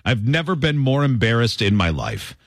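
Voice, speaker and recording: Animated young male radio host. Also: mid-range voice, moderate pace, dry recording, clean studio sound. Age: 20s. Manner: animated storyteller, self-mocking. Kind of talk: lively talk radio chat, reading listener stories. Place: radio studio.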